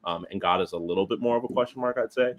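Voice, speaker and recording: A young American man co-hosting a sports podcast, giving his opinions in a hedging, halting way. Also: fairly low pitch. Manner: hedging, many fillers and restarts. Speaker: podcast co-host. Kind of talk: casual sports chat.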